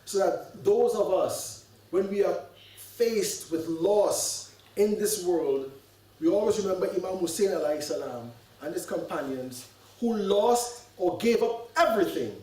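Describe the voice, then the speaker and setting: With a mellow, high voice and lively intonation, a sheikh speaks a little slowly while preaching earnestly to a gathering. He poses rhetorical questions and repeats words as he reasons aloud, captured by a distant microphone in an echoey hall.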